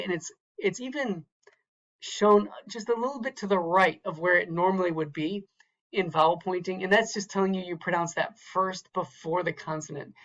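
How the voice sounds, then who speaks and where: A man's voice: sits high, a bit bright, highs cut off. A man teaching a recorded lecture from slides, carefully sounding out words syllable by syllable and repeating them. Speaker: Hebrew teacher.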